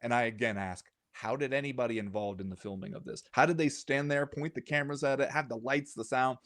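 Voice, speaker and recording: A man co-hosting a casual podcast chat, reading listener comments aloud with wry, animated turns. His voice sits in a middle pitch. The sound is dry and close, with no room echo. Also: quick pace. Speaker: podcast co-host.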